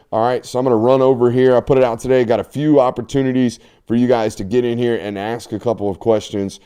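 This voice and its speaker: A man's voice: medium pitch, steady tone, fast, few pauses, dark tone, clean tone. A man hosting a casual sports show, joking and teasing his co-hosts.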